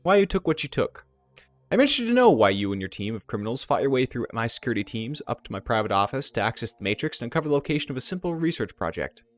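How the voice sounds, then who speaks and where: A man's voice: mid-range voice, big pitch swings, dry recording, soft background music, lightly acted. A man doing a cold, formal corporate magnate. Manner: formal, icy, measured. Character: cold, wealthy middle-aged male corporate father.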